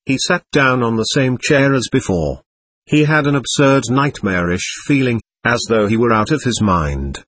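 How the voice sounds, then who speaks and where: A man narrating a novel as an audiobook in an expressive storytelling manner, close to the mic. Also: mid-range voice, moderate pace, husky, no echo.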